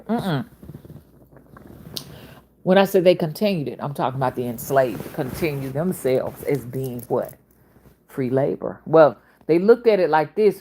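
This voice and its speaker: A woman's voice: deep voice, animated, unhurried, long pauses, warm tone, slightly rough. A woman in her fifties with a Southern accent, talking in a casual, rambling monologue that jumps between topics. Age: 50s. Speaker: spiritual reader and channel host.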